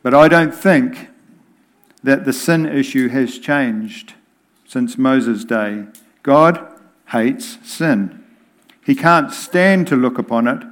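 A man preaching a sermon in a deliberate, emphatic way. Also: mid-range voice.

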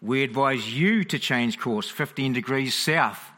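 Man reading a calm lighthouse keeper, slow, bright, matter-of-fact. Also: medium pitch.

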